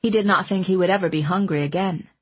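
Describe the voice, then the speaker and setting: A woman reads a storybook aloud with a slightly husky, breathy voice. Her pitch sits on the low side for a woman, and she tells the story in a gentle, measured way. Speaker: audiobook narrator. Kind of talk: scripted narration.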